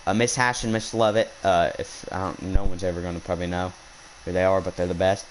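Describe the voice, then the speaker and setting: A man's voice: sits low, fairly even intonation, brisk, slight background noise, low-quality recording. A young man outdoors on a hunt, casually telling an indignant, rambling story with lots of restarts. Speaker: hunting vlogger. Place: outdoors while hunting.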